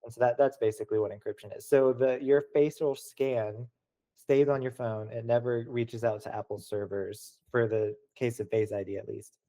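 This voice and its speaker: Mellow-voiced young man, casual and relaxed. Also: mid-range voice, moderate pace. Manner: relaxed, many "like" and "kinda" fillers. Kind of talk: casual interview answers.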